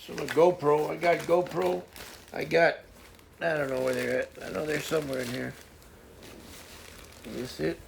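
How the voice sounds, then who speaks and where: Host, male, very gravelly fry, pitched a bit high, loose rambling storyteller. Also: steady tone, normal speed, long pauses, a little hiss or hum. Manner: rambling, folksy, retells stories with voiced quotes. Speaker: live streamer host. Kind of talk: casual morning chat and storytelling.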